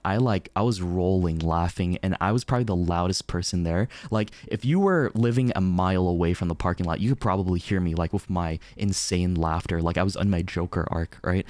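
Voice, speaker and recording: A young man streaming, telling a story in casual chat, animated, laughing often and swearing casually. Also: on the low side, dry recording.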